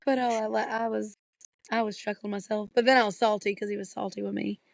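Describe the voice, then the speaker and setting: A woman's voice: medium pitch, steady tone, fast talker, gravelly, no room sound. A woman, co-hosting a podcast in casual chat and laughing all through her story. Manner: laughs constantly while telling a story. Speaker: podcast co-host.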